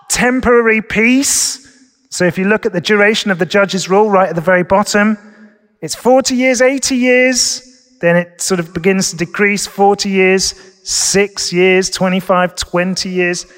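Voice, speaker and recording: A man's voice: high voice, a bit bright. A man preaching a casual, conversational sermon at Sunday worship, often asking his listeners questions. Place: church during Sunday worship. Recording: long reverb of a church hall.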